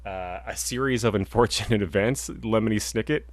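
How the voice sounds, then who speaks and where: A man's voice: lowish voice, fairly quick. A young man co-hosting a video game podcast, chatting casually and rambling with lots of restarts. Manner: rambling, many fillers and restarts. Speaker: podcast co-host. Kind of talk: casual chat.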